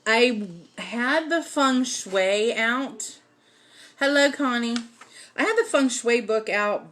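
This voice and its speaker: A woman's voice: lowish voice, a bit bright. A woman hosting a casual livestream lesson on folk magic, talking in a chatty way with many "um" fillers. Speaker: host teaching folk magic.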